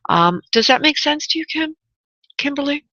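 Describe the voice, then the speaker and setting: A woman's voice: high voice, lively intonation, normal speed, bright, forceful tone, no room sound. A woman hosting a call-in radio show as a psychic medium, chatty, laughing often and calling callers honey and darling. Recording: dull lo-fi radio audio, dry.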